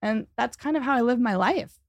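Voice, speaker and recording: A woman talks as a guest in an interview, telling stories fast and animated and acting out each quote along the way. Her voice sits a little high and carries a gravelly fry. The sound is close and dry, with no room around it. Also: dry recording. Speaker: psychic medium and author, guest. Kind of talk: storytelling in a podcast interview.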